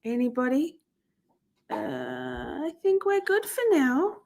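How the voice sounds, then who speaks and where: A woman's voice: sits high, lively intonation, slow pace, gravelly, a little mellow. A woman streaming live, chatting casually to her viewers and swearing freely while she fights with her gear.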